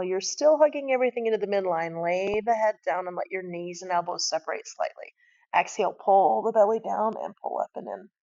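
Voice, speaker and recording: A woman teaching a guided yoga class, giving calm step-by-step cues and often checking in with a quick "right?". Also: on the low side, lo-fi sound.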